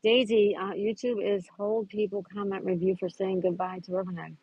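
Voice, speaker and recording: A woman's voice: medium pitch, little pitch movement, normal speed, dark tone, husky, highs cut off. A woman hosting a casual live stream outdoors at a park, chatting and greeting viewers by name as she reads their comments. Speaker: livestream host.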